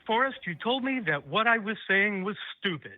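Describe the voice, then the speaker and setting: A man phones in to argue his case, insistent and defensive while straining to stay measured. His voice sits fairly high for a man. The line is thin, tinny and dry, like a phone call. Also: animated, no room sound. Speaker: caller. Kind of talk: call-in debate.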